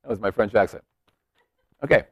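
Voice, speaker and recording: A man's voice: medium pitch, very animated, moderate pace, highs cut off, background noise. A man co-hosting a casual chat show, playful and joking. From Las Vegas. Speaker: podcast co-host.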